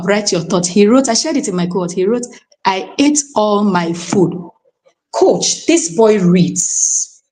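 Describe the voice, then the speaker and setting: Brief: Nigerian-accented woman, mid-pitched, exclamatory live-stream testimony, addresses her coach often, drops into pidgin phrases. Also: darkish tone. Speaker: podcast guest sharing a testimony.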